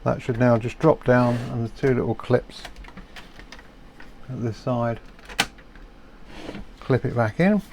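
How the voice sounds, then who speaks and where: A middle-aged man explaining a radio repair step by step in a relaxed, chatty way. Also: medium pitch, slow, creaky, long pauses, noisy background. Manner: relaxed, chatty, self-deprecating asides.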